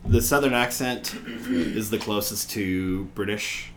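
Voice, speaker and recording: A man's voice: fairly low pitch, slow pace, noisy background. A man hosting a podcast, talking in a rambling, joking way full of fillers. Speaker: podcast host. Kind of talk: casual podcast chat.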